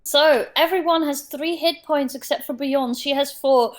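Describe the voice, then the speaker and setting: A woman running a tabletop game as game master over an online call, narrating scenes vividly with hesitant pauses. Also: sits high, fairly even intonation.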